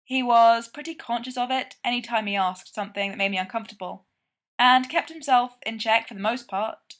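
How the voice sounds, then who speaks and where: A woman reading as a deadpan young man. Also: fairly high pitch, brisk, close to an everyday voice. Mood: wounded.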